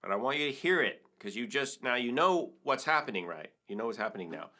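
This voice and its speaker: A man's voice: medium pitch, lively intonation, a little fast, sharp tone. A middle-aged man teaching a hand-drum lesson step by step, counting and singing the rhythms aloud. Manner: counts and sings rhythms aloud, breaks into vocables. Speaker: percussion teacher. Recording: congas and wood block playing behind the voice.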